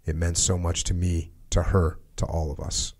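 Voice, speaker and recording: A podcast host with a low, deep male voice reads passages from a book aloud. His pace stays measured, and he breaks off now and then to add short comments of his own. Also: flat delivery, darkish tone, breathy edge. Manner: measured reading with spoken asides.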